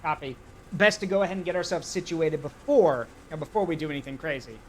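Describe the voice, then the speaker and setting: A man's voice: on the high side, fast, a little hiss or hum, poor audio. A man streaming live gameplay, talking himself through each step and getting frantic and swearing under pressure.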